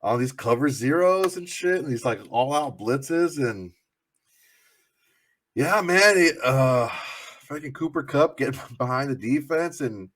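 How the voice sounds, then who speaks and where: A man's voice: mid-range voice, lively intonation, measured pace, a bit bright. A man co-hosting a sports podcast, telling loose, profane stories full of fillers. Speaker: podcast co-host. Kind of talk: casual sports chat.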